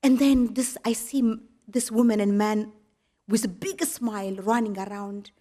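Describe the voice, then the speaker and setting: A woman's voice: mid-range voice, fairly even intonation. Ethiopian-accented woman telling her story. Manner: halting, earnest storytelling in non-native English, swinging between soft and loud. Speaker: guest speaker at an awards ceremony. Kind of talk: personal testimony speech. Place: county board chambers.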